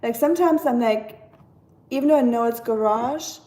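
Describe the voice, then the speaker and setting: Chatty German-accented woman, high voice. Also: moderate pace, dark tone. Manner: chatty and rambling, talks to viewers in the chat. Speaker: live-stream host. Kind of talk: casual live-stream chat while cooking.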